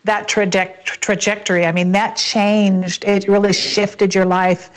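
A woman's voice: medium pitch, level tone, measured pace. A woman hosting a talk show interview, giving brief affirming replies to her guest. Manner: warm, affirming, gives brief encouraging replies. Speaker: host.

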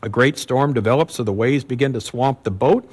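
Male pastor, mid-pitched voice, relaxed teaching sermon, repeats words for emphasis. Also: fairly quick, breathy edge. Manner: conversational teaching with fillers and emphatic repetition. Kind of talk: expository sermon.

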